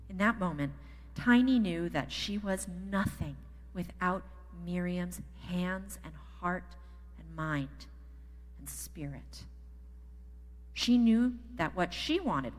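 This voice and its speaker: A woman reading a gentle story aloud in a church service, softly repeating a calm refrain. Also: lowish voice, slow pace. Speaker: story reader in worship service. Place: church sanctuary. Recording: echoey sanctuary with long reverb.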